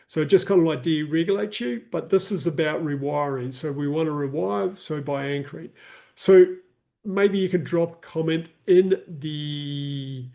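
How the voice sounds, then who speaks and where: Male wellness coach, slightly high voice, slow and soothing, counting breaths for a live group. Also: darkish tone. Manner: casual explaining with fillers, reads chat comments. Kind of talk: guided breathwork and live chat.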